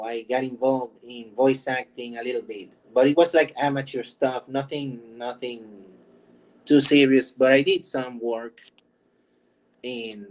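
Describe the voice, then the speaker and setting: A man's voice: mid-range voice, a little mellow, low-quality recording. A man hosting his own channel, chatting casually, rambling, laughing often and joking about himself. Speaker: vlog host. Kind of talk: casual chat.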